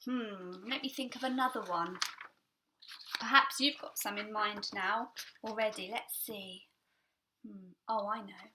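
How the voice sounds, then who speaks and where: Woman, young adult, nursery music teacher, unhurried, gentle and playful. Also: medium pitch, steady tone, noisy background. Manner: gentle, sing-song, playful vocal sounds.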